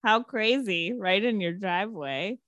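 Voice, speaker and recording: A woman's voice: mid-range voice, a little slow, dry recording, muffled recording. A woman co-hosting a casual chat about a movie, swearing and laughing as she acts out its lines. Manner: animated, swears often, laughs a lot, acts out quotes. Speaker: podcast co-host.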